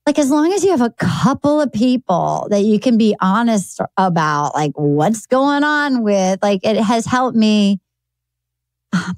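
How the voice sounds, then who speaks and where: A woman guest on a podcast, talking in casual chat, animated, swearing often and acting out quotes. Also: a little high, measured pace, no room sound. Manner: animated, swearing, acts out quotes in funny voices.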